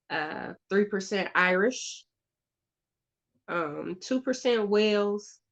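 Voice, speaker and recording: A woman hosting her own show, telling a story in a casual, chatty way, halting with fillers and restarts, on a slightly dull, lo-fi recording. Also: mid-range voice. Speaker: podcast host.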